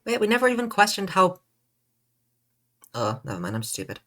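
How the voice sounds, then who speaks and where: A woman's voice: mid-range voice, normal speed. Gushing, swearing woman streamer. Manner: gushing, excitable, swears, laughs often. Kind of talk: live gameplay commentary.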